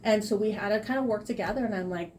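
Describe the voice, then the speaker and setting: Woman, middle-aged, casual podcast chat, animated storyteller, mid-pitched, faint hiss behind. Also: fast. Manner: animated storytelling, quotes others in lively voices.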